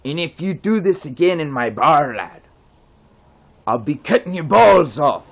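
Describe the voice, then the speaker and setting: A man's voice: fairly high pitch, big pitch swings, measured pace, vocal fry, pitched above the performer's own voice, exaggerated voice. A man voicing a threatening male bartender.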